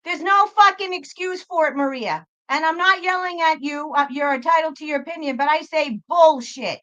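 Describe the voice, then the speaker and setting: A woman with a very high voice rants at her livestream chat. Her voice is bright and forceful, and she swears freely while she argues with viewers. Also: moderate pace, muffled recording. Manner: profane, exasperated ranting; talks back to chat viewers. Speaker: psychic livestream host.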